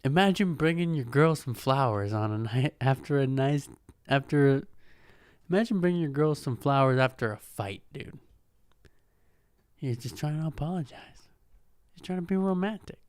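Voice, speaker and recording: A man's voice: medium pitch, lively intonation, normal speed, long pauses, smooth, no room sound, studio quality. A man hosting a podcast, riffing in a mocking, profane way and laughing at his own jokes. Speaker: podcast host. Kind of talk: casual comedic monologue. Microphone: podcast microphone.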